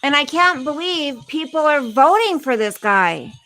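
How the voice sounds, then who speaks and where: A woman's voice: high-pitched, animated, measured pace, sharp tone, no room sound. A woman hosting a casual livestream, ranting indignantly, swearing, and reading news aloud to her viewers. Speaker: livestream host.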